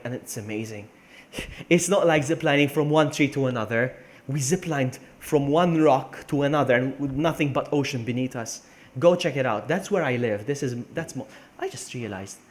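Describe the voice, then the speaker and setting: A man from Malta, chatting casually and rambling on a live game stream from a room at home, laughing often. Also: medium pitch. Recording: steady background noise.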